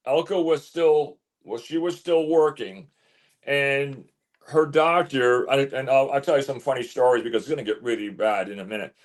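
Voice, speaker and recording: A man telling a story as an interview guest, animated, stumbling and repeating words as he goes. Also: medium pitch, normal speed. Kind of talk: casual storytelling.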